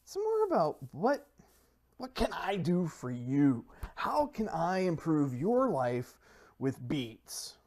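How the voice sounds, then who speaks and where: A man's voice: wildly swooping pitch, takes it slowly, a little mellow. A man giving playful gameplay commentary, rambling and self-mocking as he hypes his plans like a salesman. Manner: mock sales-pitch hype, rambling with restarts. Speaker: Minecraft server player and video creator.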